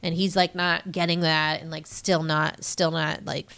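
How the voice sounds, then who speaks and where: A woman's voice: low voice, little pitch movement, a little slow, fairly bright tone, clean tone. A young woman co-hosting a podcast, recapping a film in casual, rambling chat full of fillers. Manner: rambling, filler-heavy retelling with acted quotes. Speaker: podcast co-host.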